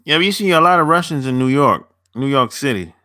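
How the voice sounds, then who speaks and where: A man's voice: mid-range voice, expressive, brisk, sharp tone, no echo, clean studio sound. A young man chatting loosely on a live stream, answering viewers as a dating coach, rambling and repeating himself with casual swearing.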